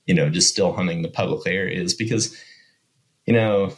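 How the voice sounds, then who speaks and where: A man speaking as a guest in a casual chat, rambling and relaxed, with lots of filler words. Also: deep voice, moderate pace. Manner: rambling, relaxed, many fillers like "you know" and "kind of". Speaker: podcast guest.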